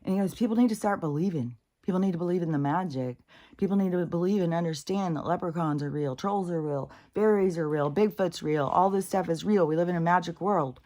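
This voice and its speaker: Low-pitched lady ranting on her vlog, sweary and fed up, lots of i-i-i restarts. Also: mellow. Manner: exasperated, swearing, mocking others in high put-on voices; halting restarts and repeated fillers. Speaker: spiritual vlogger. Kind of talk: casual rant to camera.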